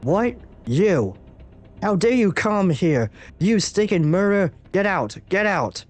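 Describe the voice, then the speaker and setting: A man reading out a comic, voicing a blustering, loud middle-aged newspaper publisher who hurls insults. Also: high-pitched, sing-song, takes it slowly, full character voice. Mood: angry, blustering. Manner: shouty, indignant, insulting.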